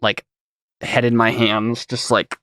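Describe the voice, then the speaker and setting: A man's voice: mid-range voice, level tone, takes it slowly, a bit bright, no room sound, clean studio sound. A man chatting casually as a player in a tabletop game.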